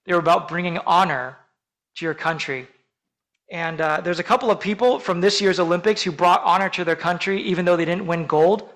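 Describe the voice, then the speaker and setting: A man's voice: high voice, a bit bright, poor audio. Earnest man preaching a sermon. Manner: earnest, measured preaching with slow emphatic phrases. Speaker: pastor.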